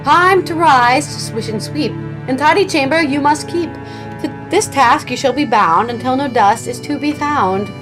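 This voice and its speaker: A woman's voice: high voice, normal speed, music in the background, close to an everyday voice. Y'shtola, a woman reading as a dry, formal mage. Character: composed scholarly young female mage. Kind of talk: reading game dialogue aloud on stream.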